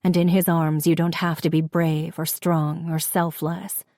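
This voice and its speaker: A woman narrates a first-person novel in a calm, reflective way. Her voice is low and mellow. The recording is close and dry. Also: a little slow, no room sound. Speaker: audiobook narrator.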